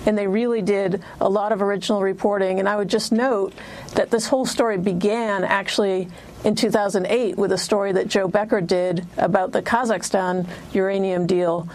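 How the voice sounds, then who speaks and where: A woman from a newspaper answering a TV news interview in a measured, explanatory way, using some fillers. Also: medium pitch, fairly even intonation, a little mellow. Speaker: newspaper editor guest on TV news.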